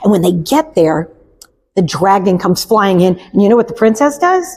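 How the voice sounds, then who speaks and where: A woman therapist and parent coach, a guest in an interview, telling a story with lively acted-out lines. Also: mid-range voice, normal speed, slight background noise. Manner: animated storyteller acting out characters' lines. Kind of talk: storytelling in conversation.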